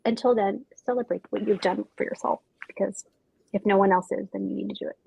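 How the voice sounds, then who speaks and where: A young woman author on a panel, talking in an effusive, gushing way with quick quoted asides. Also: mid-range voice, fairly even intonation, vocal fry, mellow, slightly rough, dry recording, dull audio. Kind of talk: casual panel chat.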